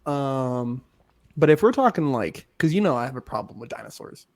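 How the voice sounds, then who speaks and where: A man's voice: medium pitch, very animated, moderate pace, a little mellow. A young man co-hosting a casual podcast, rambling and laughing, often trailing off mid-sentence. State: has hiccups. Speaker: podcast co-host. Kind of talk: casual chat.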